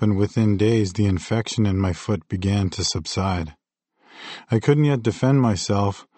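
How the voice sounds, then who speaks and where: A man reads his own memoir aloud in a measured, vivid audiobook style. His voice is on the low side and a little mellow. The recording is dry and close-miked, with no room sound.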